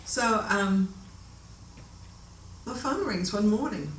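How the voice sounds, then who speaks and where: A woman telling a story from her own life in a casual, animated way, often laughing and acting out the voices of the people in it. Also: medium pitch, takes it slowly, slight background noise. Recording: echoey room, voice a bit distant.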